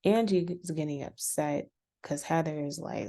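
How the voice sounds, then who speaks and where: Woman reviewer, low-pitched and warm, talky and animated recap delivery. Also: moderate pace. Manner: chatty, animated retelling with frequent "um" and restarts. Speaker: reality TV reviewer. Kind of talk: casual recap commentary.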